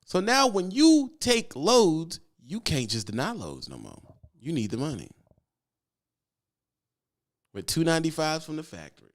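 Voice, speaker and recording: A man who streams about trucking, talking in an animated, slangy, teasing way and reading chat aloud. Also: a little high, unhurried, long pauses. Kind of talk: casual live-stream chat.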